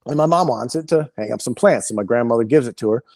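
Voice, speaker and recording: A male comedian, a podcast guest, telling an animated, rambling and profane story with lots of restarts. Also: mid-range voice, fast talker.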